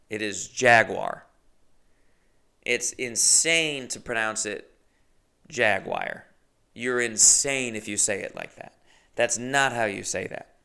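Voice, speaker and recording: A man's voice: mid-range voice, gravelly, clear, resonant tone. A man in his thirties from New England, rambling through a profane, digressive comedic monologue as a podcast host while pacing his apartment on a corded mic. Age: 30s. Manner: digressive, profane, animated storytelling. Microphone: corded microphone.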